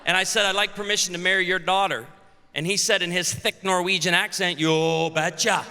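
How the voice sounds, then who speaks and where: A man in his forties preaching from a stage, his voice high and very bright as he throws out quick jokes and calls to the crowd. It rings with a long hall echo over a faint ambient hum. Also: steady tone. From Illinois. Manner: joking, punchy, calls out to the audience. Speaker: pastor speaking at a women's conference. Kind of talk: humorous conference sermon. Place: large convention hall.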